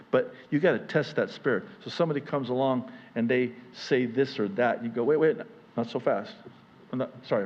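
A man's voice: medium pitch, muffled recording. Impassioned male pastor preaching a sermon. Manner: impassioned, rises to near-yelling then settles conversational. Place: church service.

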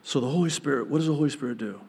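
With a breathy edge to his mid-range voice, a pastor races through his sermon, animatedly telling the story and performing each character's voice. Long hall reverb surrounds the recording.

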